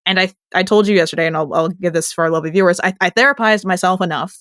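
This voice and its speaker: Woman, late twenties, podcast co-host, casual chat, lowish voice, dry close mic. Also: very fast, a bit bright, no room sound. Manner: chatty, emotional, laughs often.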